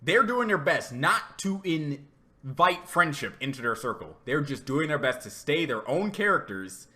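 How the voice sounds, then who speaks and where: A man giving a rambling, animated reaction commentary, laughing often and repeating himself as he talks. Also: a little high, a little slow. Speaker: reaction video host.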